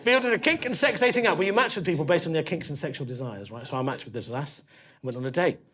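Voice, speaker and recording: The crowd can be heard behind a forty-something Londoner working a comedy club, his set full of audience laughter. He talks fast in a fairly high, expressive voice, with a punchy, cheeky, chatty style.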